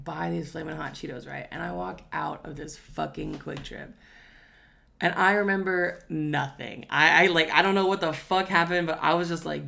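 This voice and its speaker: A woman's voice: low-pitched, gravelly, a bit bright. A young woman, a podcast co-host telling stories in casual chat, loose and profane, often laughing.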